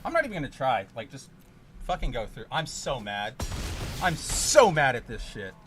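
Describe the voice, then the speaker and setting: A man streaming a card game, ranting and swearing, with sudden loud outbursts in casual chat. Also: mid-range voice, wildly swooping pitch, normal speed, slight background noise.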